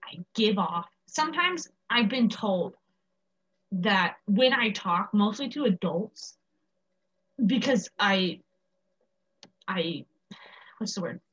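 Husky, muffled American teen girl. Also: medium pitch, lively intonation, slow pace, pauses often, fairly bright tone. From United States. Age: teens. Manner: rambling, many restarts and fillers. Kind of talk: casual chat. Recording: dull lo-fi sound.

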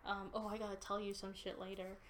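A young woman hosting a podcast, casually telling an animated story and swearing often. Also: medium pitch, fast, a little hiss or hum. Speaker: podcast host. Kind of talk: casual chat.

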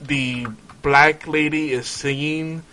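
Young man, bright tense tone, easygoing podcast co-host. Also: fairly high pitch, steady tone, takes it slowly. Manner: laughs easily, loose and chatty. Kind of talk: casual chat.

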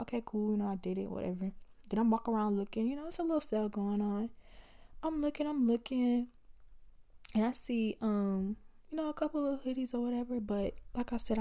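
A young woman in her twenties hosting a podcast, telling stories in a casual, animated and slangy way and addressing listeners directly. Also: medium pitch. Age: 20s. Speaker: podcast host. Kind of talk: casual storytelling chat.

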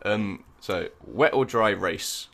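A man hosting a podcast, reeling off quickfire questions in a brisk, casual way. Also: lowish voice, gravelly, fairly bright tone. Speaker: podcast host.

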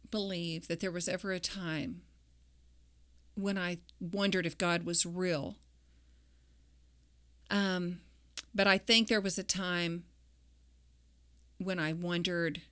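A woman with a somewhat low voice talks about her faith. She speaks reflectively, pausing often and using many fillers. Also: steady tone, a bit bright, clear, resonant tone. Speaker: guest; grieving mother. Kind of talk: personal faith interview.

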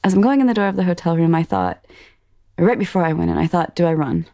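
A woman giving documentary testimony, recounting events earnestly and in a measured way, often acting out quoted speech. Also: fairly low pitch, expressive, creaky, mellow, no echo, clean studio sound. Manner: earnest, measured retelling that voices others' quoted words. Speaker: interviewee telling her own story.

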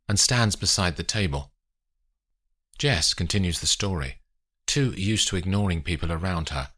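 Male audiobook narrator, deep, husky, animated storytelling.

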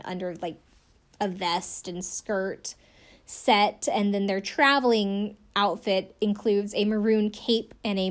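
A young adult woman hosting a casual podcast recap, chatty and rambling, with many "like" fillers and wry asides. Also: medium pitch. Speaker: podcast host. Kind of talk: casual recap of a reality show.

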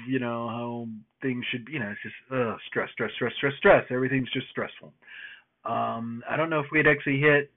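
A man rambles through a personal story, cursing freely and circling back with fillers and false starts. His voice sits at an ordinary middle pitch. The sound is narrow and tinny, like a phone line. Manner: rambling, profane, lots of fillers and restarts. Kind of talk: casual storytelling monologue.

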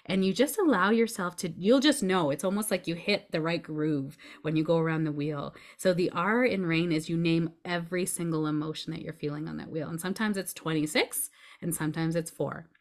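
A woman with a notably low voice speaks as a podcast guest, explaining things in an earnest, reassuring way. She often checks in with her listener as she goes. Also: fairly quick, hardly any pauses. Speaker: podcast guest, grief coach. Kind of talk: conversational explaining.

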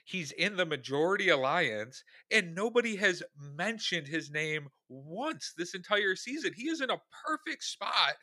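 A man's voice: high-pitched, sing-song, a little slow, hardly any pauses, pushed and bright, dry recording. A man co-hosting a casual chat podcast, giving easygoing, reasoned opinions. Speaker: podcast co-host.

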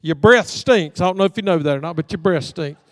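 A middle-aged man preaching in a church sanctuary. His voice sits high, and he tells homey stories while slipping into the voices of the people in them. The mic is close and dry, but a long reverb from the hall trails after his words. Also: fairly quick. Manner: folksy storyteller acting out dialogue. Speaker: pastor. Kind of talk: storytelling sermon.

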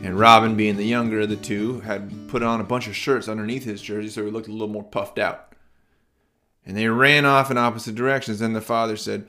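A man with a lowish voice spins a bedtime tale for kids, easygoing and full of little restarts. A soft guitar plays faintly in the background. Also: brisk. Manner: relaxed, rambling with fillers. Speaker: children's podcast host and storyteller. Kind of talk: bedtime storytelling.

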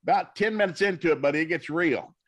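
A man's voice: a little high, fast talker, a bit bright. A minister telling stories on a talk show, folksy and preacherly, acting out the people he quotes. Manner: folksy preacher storytelling, acts out dialogue. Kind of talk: storytelling talk-show guest.

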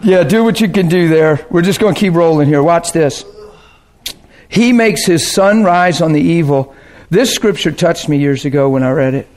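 High-voiced preacher man, chatty and laughing. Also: moderate pace, a little mellow. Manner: conversational, checks in with the class, laughs often. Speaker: pastor. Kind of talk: sermon teaching. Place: warm classroom or church hall.

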